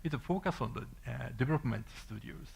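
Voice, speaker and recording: A man with a Japanese accent giving a halting conference talk and answering questions, with many fillers and restarts. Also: medium pitch, lively intonation, vocal fry, darkish tone, breathy edge. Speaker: conference speaker.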